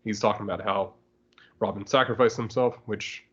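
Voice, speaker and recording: A man's voice: lowish voice, steady tone, moderate pace, a bit bright, slightly rough. A man hosting a podcast, casually recapping a comic book with frequent laughter, recorded with slightly muffled sound. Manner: laughs often, rambling recap. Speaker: podcast host.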